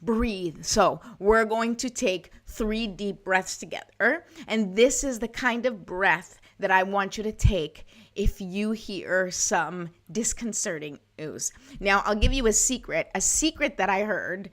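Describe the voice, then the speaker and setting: A woman's voice: mid-range voice, takes it slowly. A middle-aged woman hosting a live wellness show, talking in a casual, encouraging way and often checking in with listeners. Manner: warm, encouraging, conversational with frequent "right?" and "okay?". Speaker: host of a wellness livestream. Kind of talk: casual motivational talk to live viewers.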